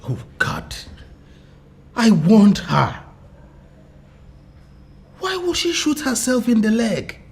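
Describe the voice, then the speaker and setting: A man's voice: very high voice, huge pitch swings, takes it slowly, creaky, pauses often, exaggerated voice. Weary Nigerian royal father. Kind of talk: film acting.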